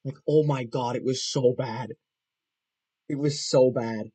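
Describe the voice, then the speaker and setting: A young man livestreaming, chatting casually and rambling, swearing a lot, with loud excited outbursts. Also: medium pitch, unhurried, slightly rough.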